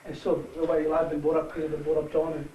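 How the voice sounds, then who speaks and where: A man's voice: fairly high pitch, completely flat delivery, highs cut off, a little hiss or hum. Māori man speaking in an echoey hall. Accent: New Zealand Māori. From New Zealand. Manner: halting, warm-hearted, switches between Māori and English. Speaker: rugby team manager giving a speech. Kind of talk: speech at a team gathering. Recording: echoey room from far off.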